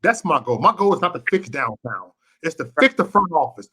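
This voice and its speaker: A man's voice: on the high side, sing-song, fairly quick, few pauses, sharp tone, slightly rough. Passionate swearing man hosting a live show. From Chicago. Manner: passionate, swearing, repeats words when worked up. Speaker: livestream show host. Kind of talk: casual heated call-in talk.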